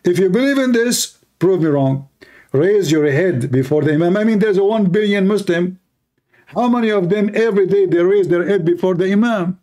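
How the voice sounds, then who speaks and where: A man's voice: sits high, normal speed, mellow. A man hosting a live stream, delivering a sarcastic, mocking monologue in nonstandard English grammar. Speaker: host of a live religious debate stream.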